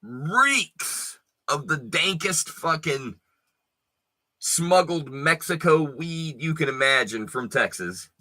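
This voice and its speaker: A man's voice: on the high side, lively intonation, slow pace, bright, forceful tone. A man telling a wild personal story in a casual, profane, emphatic way.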